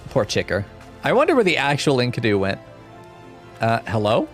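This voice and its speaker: A man's voice: mid-range voice, huge pitch swings, moderate pace, soft background music. A man casually commenting while playing a story game, laughing often and swearing freely. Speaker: game streamer. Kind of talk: casual let's-play commentary.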